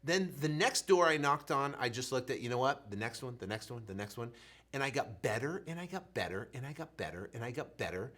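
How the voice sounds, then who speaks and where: A man in his thirties, a real estate coach, telling his story in an animated motivational way, swinging between loud and soft and acting out his own stammering. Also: mid-range voice, a little fast.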